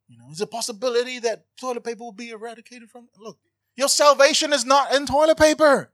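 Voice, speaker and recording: A man preaching a sermon, animated and joking, swinging from loud to hushed. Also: extremely high pitch, fairly quick, no echo. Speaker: pastor.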